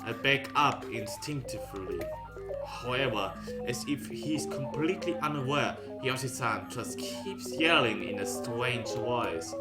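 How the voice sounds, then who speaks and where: A man reading a visual novel aloud in slow, measured narration with dry asides. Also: medium pitch, animated, over loud music. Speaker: game reader.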